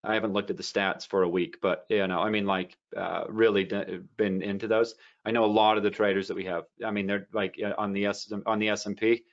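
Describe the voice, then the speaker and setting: A low-pitched man talking casually about trading, wandering through a story with lots of ums and restarts. The sound is a bit dull and lo-fi. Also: little pitch movement, brisk, few pauses. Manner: rambling storyteller with many fillers and restarts. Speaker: trading educator. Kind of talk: casual teaching talk.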